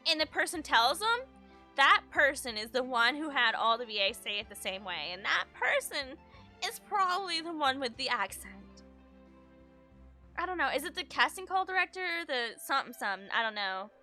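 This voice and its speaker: A woman's voice: high-pitched, very animated, normal speed, sharp tone, soft background music. A woman streaming a game, reading its text aloud and adding chatty, musing asides in casual commentary.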